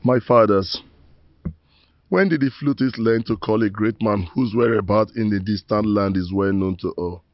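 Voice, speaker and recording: A man's voice: on the low side, normal speed, no room sound, dull audio, lightly acted. A man playing a remorseful rogue pleading with his ancestors. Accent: Nigerian. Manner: pleading, proverb-laden oratory. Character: remorseful middle-aged rogue begging ancestors for mercy. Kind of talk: Nollywood film acting, solemn monologue.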